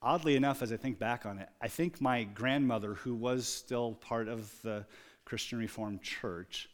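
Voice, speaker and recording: A man preaching a sermon, moving from quiet, reflective storytelling to loud, emphatic exclamations. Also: medium pitch, normal speed. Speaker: pastor.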